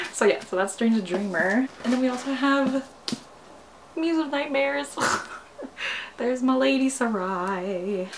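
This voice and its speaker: A young woman films an excited book unboxing, giggling and gushing, with exclamations that sometimes sink to a hush. She talks at an unhurried pace. A faint hiss sits behind her voice. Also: high-pitched. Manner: gushing, giggly, repeats "oh my god", drops to near-whispers. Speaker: booktuber.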